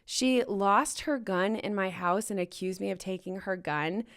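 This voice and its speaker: A young woman speaks straight to her listeners in a mid-pitched voice, open and heartfelt. She recounts hard times with real feeling, rising with emotion and letting rueful laughs slip in. Her tone is warm and confessional, like a podcast host talking to people she knows. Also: a little slow, clean tone. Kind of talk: personal storytelling to listeners.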